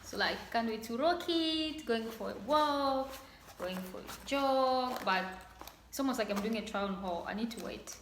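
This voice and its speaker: Bubbly young woman, slow gushing talk. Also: a little high, a bit bright, reverberant, slight background noise, rough recording. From Congo. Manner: bubbly, gushing, laughs often. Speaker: vlogger. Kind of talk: casual unboxing chat.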